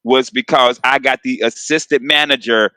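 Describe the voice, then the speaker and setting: A man co-hosting a radio comedy talk show, excitable and slangy in casual banter. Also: medium pitch, moderate pace, clear, resonant tone, no room sound.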